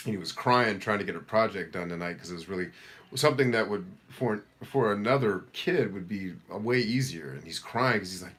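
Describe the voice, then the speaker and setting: Speaking fairly quickly in a low, deep voice, this middle-aged man runs a live coaching Q&A, reading out comments from viewers. He replies with direct, high-energy motivation in a casual setting.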